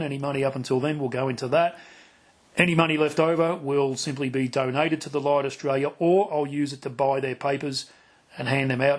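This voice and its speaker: A man hosting a casual podcast interview, rambling and swearing freely, with lots of restarts. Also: mid-range voice. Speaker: podcast host.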